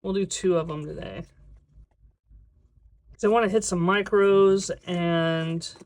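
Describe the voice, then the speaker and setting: A budgeting video creator in a casual vlog, talking to themself while counting cash aloud, sometimes slipping into a drawn-out sing-song cadence. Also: mid-range voice. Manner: chatty self-talk, counting money aloud.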